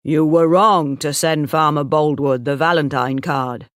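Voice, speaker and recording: A woman reading the lines of a steady, honest young male shepherd, speaking calmly and plainly. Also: low-pitched, a little slow, no echo, studio quality. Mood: firm. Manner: calm, firm and plain.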